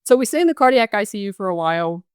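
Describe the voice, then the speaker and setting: A woman's voice: mid-range voice, animated, very fast, clear, resonant tone, no echo, studio quality. A young adult woman, a guest on a podcast interview, earnestly recounting events and quoting what people said. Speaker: guest, bereaved mother.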